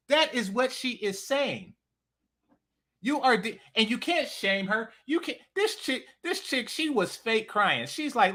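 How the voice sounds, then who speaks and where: A man's voice: very high-pitched, lively intonation, measured pace, pushed and bright. A man hosting a reaction commentary, mocking and repetitive with plenty of profanity. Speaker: commentary channel host.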